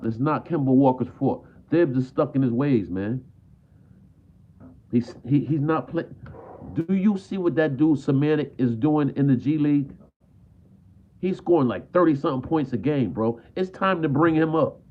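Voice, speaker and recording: On a live stream, a frustrated basketball fan rants in an expressive, mid-range voice at a moderate pace, repeating himself and tacking "man" onto the end of nearly every line. The audio is tinny, like a phone.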